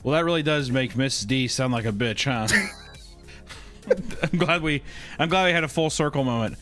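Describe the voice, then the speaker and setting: A man's voice: mid-range voice, moderate pace, a bit bright, soft background music. Teasing young man co-hosting. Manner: teasing, laughing, blunt. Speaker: podcast co-host. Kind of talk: casual chat.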